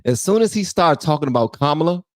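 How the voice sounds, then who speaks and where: A man hosting a livestream, reacting to clips in casual, animated commentary and often repeating phrases. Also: a little high, quick pace, no room sound, clean studio sound. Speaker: host.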